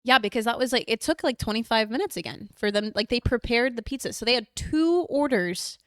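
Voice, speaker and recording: A woman co-hosting a podcast, telling a story in a casual, animated way and quoting what people said. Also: a little high, brisk, no echo, studio quality. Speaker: podcast co-host. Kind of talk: casual chat.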